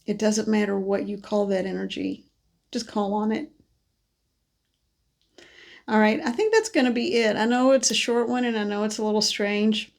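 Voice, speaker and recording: A woman psychic card reader delivering a gentle, meandering spiritual message monologue, congested from allergies, with many pauses and restarts. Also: medium pitch, steady tone, creaky.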